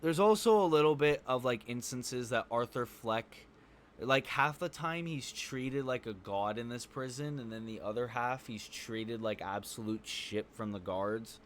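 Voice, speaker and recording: A man talks through a movie review in a loose, rambling way, swearing freely and leaning on fillers. His pitch sits in an ordinary middle range for a man. A faint hiss of noise runs under his voice. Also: measured pace. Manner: blunt, profane, rambling with fillers. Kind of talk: casual spoken review.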